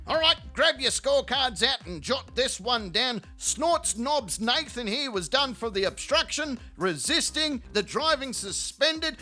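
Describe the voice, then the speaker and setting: A man's voice: very high voice, pushed and bright. A male channel host rambling through a profane, mocking comedy outro, telling absurd stories. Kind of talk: comedic video outro rant.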